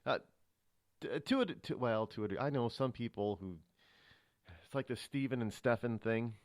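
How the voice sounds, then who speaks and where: A man's voice: mid-range voice, normal speed, no room sound. A man hosting a political talk radio show, musing aloud and rambling with many restarts, from a studio microphone.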